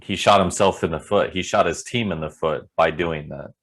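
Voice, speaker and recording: Deep-voiced laughing podcast man. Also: normal speed, a bit bright. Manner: laughs a lot, playful. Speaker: podcast co-host. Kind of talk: casual podcast recap chat.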